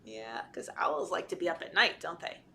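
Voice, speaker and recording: A woman children's librarian reading a picture book aloud to toddlers, animated and playful, gasping and talking to the children. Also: on the low side, moderate pace, gravelly, slight background noise. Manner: animated, talks to children, gasps and laughs. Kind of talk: storytime read-aloud. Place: library storytime video.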